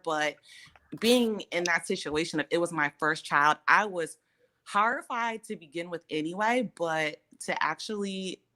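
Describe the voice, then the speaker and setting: A woman hosting a casual chat, telling a personal story in an animated way, acting out the people she quotes and laughing between lines. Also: lowish voice.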